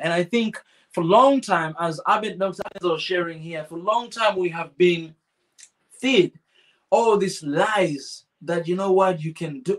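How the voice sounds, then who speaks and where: Fervent high-voiced man hosting a forum. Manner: fervent, repetitive, emphatic restarts. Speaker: podcast host. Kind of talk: passionate forum talk, reading audience questions.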